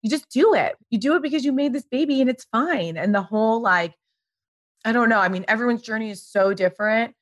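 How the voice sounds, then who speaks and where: A woman's voice: fairly low pitch, dry recording. Chatty woman with a very dry close sound. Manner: chatty, many fillers, animated quoting voices. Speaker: podcast guest. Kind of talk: casual chat.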